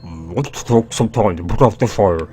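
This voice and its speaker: A man's voice: on the low side, a little slow, warm tone, soft background music, lightly acted. A man voicing an upbeat, cheery game character in a let's play.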